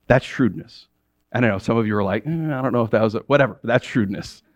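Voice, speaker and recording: A man preaching a sermon as a pastor, animated and laughing often, acting out the voices of the people he quotes. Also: medium pitch, fast, dry recording.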